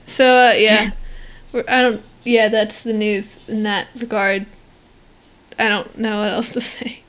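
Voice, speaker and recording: A woman's voice: mid-range voice, flat delivery, a little slow, fairly bright tone. A teenage girl co-hosting a podcast, chatting casually, rambling with lots of fillers and giggles. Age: teens. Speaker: podcast co-host. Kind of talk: casual chat.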